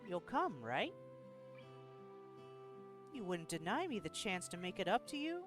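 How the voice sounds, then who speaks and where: Man putting on a bubbly schoolgirl athlete, high voice, wildly swooping pitch, coaxing, faint music behind. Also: very animated, unhurried. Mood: cheerful, coaxing. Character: cheerful, pushy teenage girl athlete.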